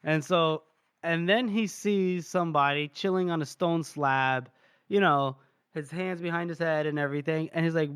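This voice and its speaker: A man chatting casually as a podcast co-host, walking through a story he has read in a loose, rambling way. His voice sits a little on the high side for a man and is recorded close and dry with no room sound. He leans on fillers and drops in the occasional curse. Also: moderate pace, a bit bright, clean tone, no room sound. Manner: loose and rambling, heavy with fillers, swears freely. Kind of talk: casual book recap chat.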